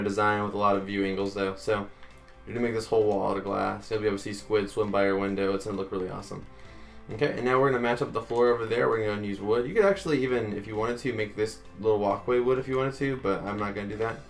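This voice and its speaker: A man's voice: fairly low pitch, fairly even intonation, fast talker, gravelly, soft background music. A man hosting a casual game-building tutorial, talking chattily to viewers and counting blocks aloud. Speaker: Minecraft tutorial host.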